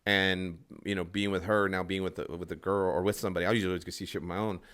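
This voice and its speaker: A man's voice: deep voice, level tone, rapid-fire, fairly bright tone. A man, a stand-up comedian, telling a rambling story in casual podcast talk, acting out other people's lines and swearing freely.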